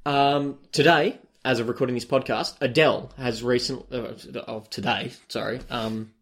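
A man's voice: mid-range voice, fairly even intonation, moderate pace, a bit bright. A young Australian man co-hosting a casual chat podcast, rambling with many ums and restarts. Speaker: podcast co-host.

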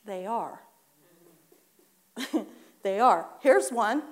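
A woman's voice: on the high side, animated, drawn-out words. A woman preaching a sermon in a chatty way, acting out complaining churchgoers and laughing at her own asides.

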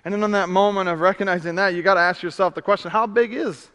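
A male pastor preaching a sermon, animated, swinging from loud emphasis to hushed questions. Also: sits high, fast talker. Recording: reverberant hall.

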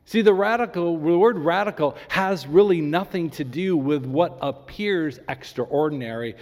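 Pastor preaching in a reverberant hall. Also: male voice, medium pitch. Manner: animated storytelling, acts out the people in his story; slows down and drops to near whisper for emphasis. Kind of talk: sermon.

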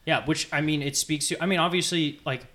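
A man's voice: on the high side, steady tone, fairly quick, pushed and bright. A man hosting a casual movie podcast, talking enthusiastically and rambling with lots of fillers.

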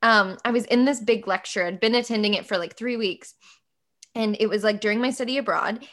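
Bright-voiced American woman hosting. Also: fairly high pitch, brisk. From United States. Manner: animated storyteller, laughs often, acts out quotes. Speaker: podcast host. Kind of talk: casual interview chat.

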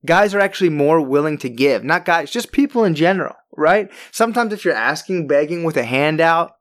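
A podcast host delivering an opinionated sports monologue in an emphatic, ranting way, with loud, high jumps on stressed words. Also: expressive, brisk.

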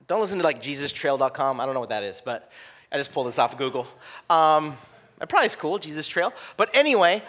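A man's voice: sits high, a bit bright. A young adult man preaching a sermon in a casual, conversational way, with lots of fillers. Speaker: pastor.

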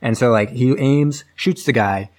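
A man's voice: mid-range voice, measured pace, a little mellow. A man casually retelling a film's plot in a rambling, filler-heavy way, as a podcast host. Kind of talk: casual movie recap.

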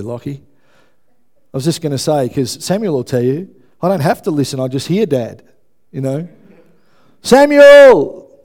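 A man, a pastor preaching a sermon to a congregation, emphatic and often checking in with listeners. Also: mid-range voice. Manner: emphatic, building to loud preaching, asks the congregation for responses. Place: church before a congregation.

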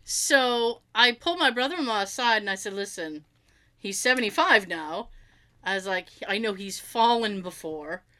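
A woman's voice: mid-range voice, lively intonation, normal speed, pushed and bright. A middle-aged woman telling a funny family story in casual chat, acting out the quotes and laughing often.

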